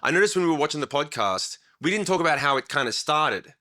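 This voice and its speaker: A man's voice: on the high side, animated, quick pace, pushed and bright. A man who is a singer, chatting casually as a podcast guest in a recording studio, telling stories animatedly and swearing freely.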